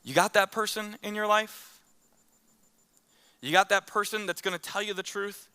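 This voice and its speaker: A man's voice: high-pitched, fairly even intonation, normal speed, pushed and bright, clean tone. A man preaching a conversational sermon, telling stories and acting out the quotes in them. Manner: acts out quotes in the story. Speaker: pastor.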